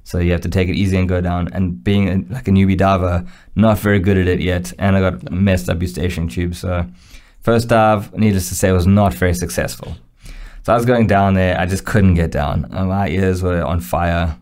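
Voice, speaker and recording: Young man, low-ish voice, podcast co-host, casual storytelling, animated, laughs a lot. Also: moderate pace. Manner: animated storyteller, acts out quotes, laughs often.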